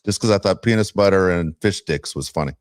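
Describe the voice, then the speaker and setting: Podcast host, middle-aged man, low-pitched, lively storyteller on a dry mic. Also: brisk, dry recording. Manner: animated storyteller, ranting, laughs often. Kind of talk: casual sports podcast chat.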